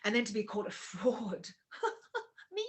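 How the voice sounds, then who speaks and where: A woman's voice: fairly high pitch, very animated, measured pace. A woman co-hosting a casual chat, telling an emotional story and acting out the quoted dialogue. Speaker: co-host.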